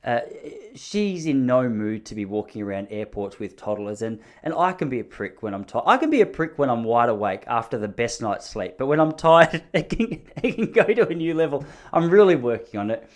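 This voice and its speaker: A man in his thirties tells a long story on his own podcast. He rambles, pokes fun at himself, and keeps breaking off and restarting his sentences. His pitch sits in an ordinary middle range. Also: sing-song, fairly quick, few pauses. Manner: rambling, self-deprecating, jokey, with frequent restarts. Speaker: podcast host. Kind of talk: casual solo storytelling.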